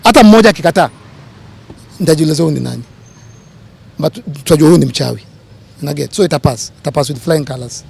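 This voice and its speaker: A man's voice: on the high side, fast talker, gravelly, long pauses, a little mellow, slightly rough. A man with a Kenyan accent giving impassioned remarks to reporters, emphatic and pleading, repeating his appeals. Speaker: public figure addressing reporters.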